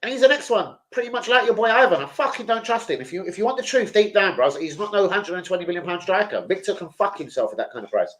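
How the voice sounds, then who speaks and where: A middle-aged man, hosting a casual football fan livestream and bantering with viewers in a sweary, animated way. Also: high-pitched, fast, few pauses, rough recording. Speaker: football fan channel host.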